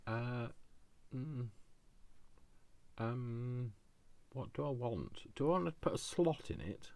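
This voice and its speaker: A man hosting a crafting video, chatting to himself as he works, with jokey asides and a deep voice. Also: takes it slowly, warm tone, no room sound. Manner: chatty self-talk, addresses himself by name, jokey asides. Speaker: crafting channel host. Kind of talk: thinking aloud while crafting.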